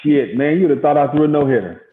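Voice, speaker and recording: A middle-aged man from Gary, Indiana, a former baseball pitcher, telling stories in a casual interview and acting out quotes. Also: fast. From Gary, Indiana, USA. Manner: animated storyteller acting out quotes. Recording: echoey, tinny phone-like sound.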